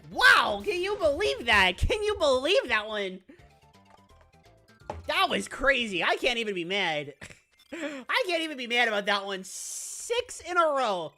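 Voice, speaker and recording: A woman streaming a video game, chatting casually with her viewers, laughing often and squealing when things get exciting. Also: sits high, measured pace, faint music behind. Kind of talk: casual live-stream commentary.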